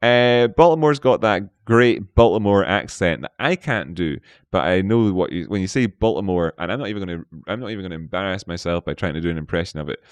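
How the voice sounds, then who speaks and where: A man's voice: sits low, expressive, fairly quick, few pauses, clear, resonant tone, dry recording. A man hosting a live market analysis stream, playful, chatting with viewers and talking to himself. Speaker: trading stream host.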